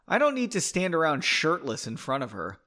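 A man's voice: on the high side, wildly swooping pitch, brisk, pushed and bright, heavily acted. A man voicing a bruised, stubborn young man who whines and gets fed up, in a story reading. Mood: whiny. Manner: whiny, then curt and fed up.

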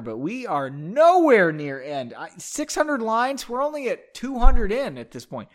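A man's voice: high-pitched, big pitch swings, normal speed, hardly any pauses. Sarcastic man reading aloud. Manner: sarcastic, swears, breaks off with jokes. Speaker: podcast host. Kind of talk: comedic reading of fan fiction.

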